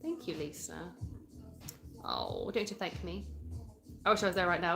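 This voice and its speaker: A woman's voice: fairly low pitch, wildly swooping pitch, normal speed, creaky, long pauses, music in the background. Chatty British woman live-streaming. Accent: British English. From England. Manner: chatty, answers viewer comments, hums between reads. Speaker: livestream host. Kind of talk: casual live-stream chat reading comments. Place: indoors at home.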